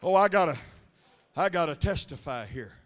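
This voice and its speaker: A man preaching a Pentecostal sermon in a church, telling stories in a quick, rhythmic cadence and building up to shouted, chanted lines. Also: a little high, animated. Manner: punctuates lines with a breathy "huh". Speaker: pastor. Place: large church sanctuary. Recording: live sermon with long hall reverb.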